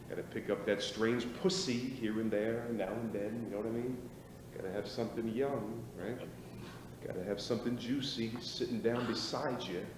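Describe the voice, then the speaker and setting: A man's voice: lowish voice, lightly acted. A man on stage playing a restless, boastful middle-aged former athlete, rambling and swaggering, prodding his listeners with "right?" and "boy", recorded live in a small theater. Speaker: stage actor. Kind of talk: live stage play acting. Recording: echoey theater stage, distant mic, noisy.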